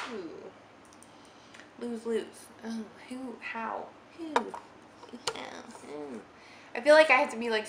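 A young woman with a mid-range voice chats her way through a makeup tutorial as a beauty vlogger in her roomy living room. She's rambling and giggly, using "like" a lot, and the recording has a noisy background with faint ambience.

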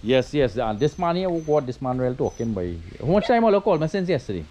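A man's voice: mid-range voice, big pitch swings, quick pace. A man with a Trinidadian accent chatting casually for his outdoor vlog, laid-back and repeating his words. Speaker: vlogger. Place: outdoors by the sea, on a boat. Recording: dull sound, loud wind and engine noise.

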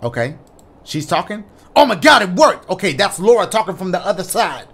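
A man giving excitable, profane let's-play commentary on a horror game and talking to his viewers. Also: high voice, fairly quick, husky. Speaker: gaming YouTuber.

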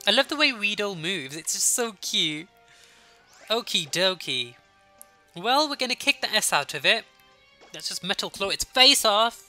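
Brummie Let's Play host, young adult, sniffly, chatty with viewers, bright sharp tone. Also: mid-range voice, sing-song, unhurried, soft background music. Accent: Birmingham. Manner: chatty, talking to viewers while playing. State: sniffly with a runny nose. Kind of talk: casual gameplay commentary.

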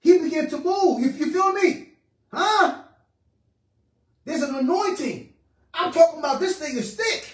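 Pastor, male, high-pitched and fervent, heard from a distance in a reverberant room. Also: expressive, measured pace, long pauses. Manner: fervent, swings between shouting and hushed prayer. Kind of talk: charismatic sermon. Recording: echoey room, mic at a distance.

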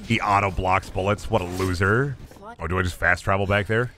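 A man's voice: sits low, fairly even intonation, a little fast, bright, forceful tone. A young man streaming a game, giving sarcastic, profane, jokey commentary as he plays. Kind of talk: live gameplay commentary.

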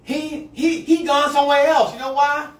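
A male pastor preaching a sermon to a congregation, moving between quiet asides and shouted call-and-response lines. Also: very high-pitched, little pitch movement, normal speed. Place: church sanctuary with a congregation. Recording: echoey hall, mic far off. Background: congregation answering.

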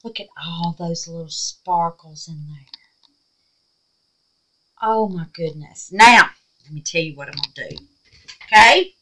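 A middle-aged woman hosting a crafting video, talking casually and excitably with many exclamations. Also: on the low side, measured pace, long pauses, rough recording. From Southern United States. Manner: chatty, excitable, frequent exclamations. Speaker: resin craft video host. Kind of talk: casual crafting demo talk.

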